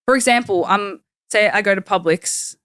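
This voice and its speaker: A woman's voice: mid-range voice, moderate pace, fairly bright tone, clean tone, no echo. A young woman with an Australian accent, chatting casually as an interview guest and dropping lots of "like" fillers. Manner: chatty, uses many "like" fillers. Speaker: professional wrestler, guest. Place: studio.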